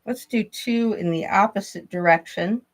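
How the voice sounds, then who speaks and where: A woman talking a class through yoga stretches in a calm, steady voice. She cues each breath and movement gently, with a small laugh now and then. Her pitch sits in the middle of the range for a woman. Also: normal speed, rough recording. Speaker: yoga instructor. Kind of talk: guided movement instruction.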